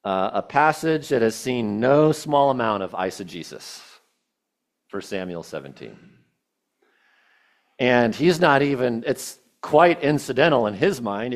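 A man preaching a sermon, retelling a scripture story with casual asides and quoted verses. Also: medium pitch.

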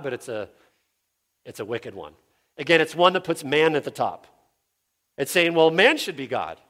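Earnest male pastor preaching a sermon. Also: fairly bright tone. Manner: earnest, drops low for scripture and rises when voicing objectors. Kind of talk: expository sermon.

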